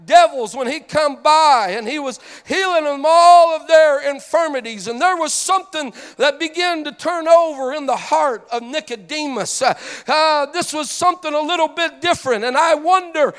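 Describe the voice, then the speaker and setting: A man preaching a fervent sermon, breaking into shouts and a sing-song cadence, with many "uh" fillers. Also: extremely high pitch, normal speed, few pauses. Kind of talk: impassioned sermon.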